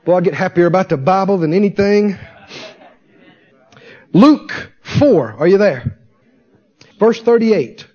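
A man's voice: sits high, expressive, measured pace, long pauses, warm tone. A man preaching a fervent sermon, firing rhetorical questions at his congregation and answering them himself. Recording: dull lo-fi sermon recording.

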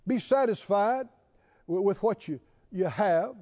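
A high-pitched man preaching with passion, his voice swooping up to emphatic peaks. He speaks slowly, with a mellow, warm tone. The recording is dull and lo-fi, with a long reverb trail. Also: animated. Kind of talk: sermon.

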